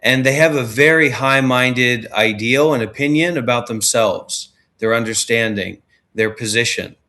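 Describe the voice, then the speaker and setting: Man, livestream host, blunt, combative, insulting, mid-pitched voice. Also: unhurried, bright, forceful tone. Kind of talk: livestream chat.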